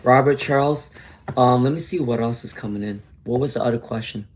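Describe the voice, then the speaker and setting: A man's voice: medium pitch, brisk. Male tarot streamer, casual and chatty, reads for viewers live, mid-range voice. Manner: chatty, answers viewers by name, mutters while searching.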